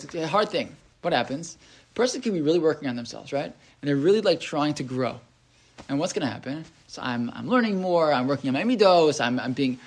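A man teaching a Torah class, talking casually with many restarts and translating Hebrew texts as he goes. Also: fairly high pitch. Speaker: yeshiva teacher. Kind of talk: Torah class with source sheet.

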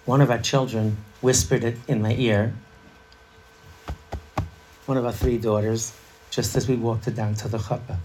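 A man's voice: mid-range voice, flat delivery, normal speed, pauses often, a little mellow, slight background noise. A middle-aged man leading an interactive parenting workshop, chatty and laughing, quizzing a live audience.

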